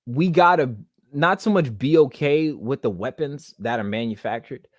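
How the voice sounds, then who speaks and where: A man's voice: mid-range voice, moderate pace, no room sound, clean studio sound. A young man hosting a podcast monologue, rambling with many restarts and holding back tears. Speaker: podcast host. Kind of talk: casual monologue.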